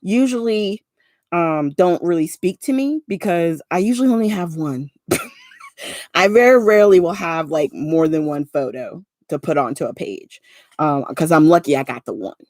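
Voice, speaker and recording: A woman's voice: fairly low pitch, lively intonation, moderate pace, a little mellow, no room sound. A woman in her forties from South Jersey with a Southern-tinged New Jersey accent, chatting casually with viewers while making crafts, rambling with many fillers. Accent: New Jersey with a Southern twang. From South Jersey, USA. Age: 40s. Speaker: craft livestream host. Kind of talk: casual craft livestream chat.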